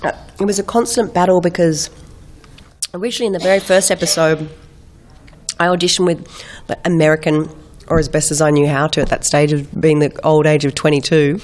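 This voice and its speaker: A middle-aged woman, an actor, telling animated stories in a casual interview with frequent laughs and restarts. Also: low-pitched, fairly quick, slight background noise. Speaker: actor guest.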